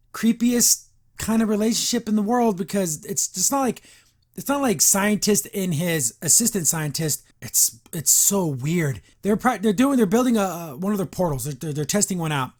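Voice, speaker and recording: A podcast host recaps a cartoon episode in a loose, chatty way. The voice sits mid-range in pitch, with plenty of "like" and "you know" and a wry, disbelieving edge. It is recorded close on a podcast mic. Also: lively intonation, normal speed, darkish tone. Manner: rambling, filler-heavy, wry and incredulous. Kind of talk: casual episode recap and review.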